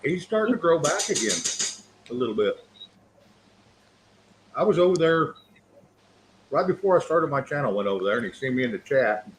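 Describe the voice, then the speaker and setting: A man's voice: a little high, sing-song, normal speed, pauses often, slight background noise, low-quality recording. A man hosting a livestream and bringing callers on, talking in a loose, rambling, friendly way. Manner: rambling, friendly and welcoming to guests. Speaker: livestream host. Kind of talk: casual chat.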